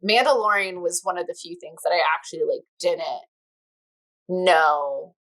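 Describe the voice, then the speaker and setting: Chatty woman telling animated stories. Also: on the low side, normal speed, rough recording. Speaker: comics editor guest. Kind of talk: casual podcast chat.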